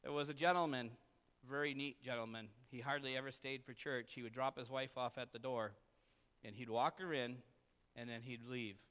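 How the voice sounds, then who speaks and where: A man's voice: mid-range voice, steady tone, normal speed, a bit bright, clear, resonant tone, big-room sound. A man, preaching a sermon as a pastor and telling a personal story in an earnest, self-deprecating way.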